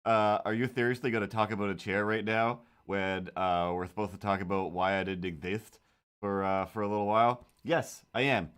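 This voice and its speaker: A man's voice: lowish voice, fairly even intonation, moderate pace, a bit bright, clean tone. A man chatting casually on a live stream while drawing comics, rambling and joking and tripping over his own words, into a desk microphone. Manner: rambling, self-interrupting, jokey.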